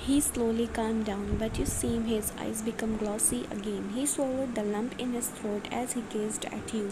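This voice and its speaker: A woman with a slightly high voice reads a fan fiction story aloud. She carries narration and dialogue in the same voice, stumbling and restarting now and then. Steady noise hums behind her. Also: normal speed. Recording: noisy background.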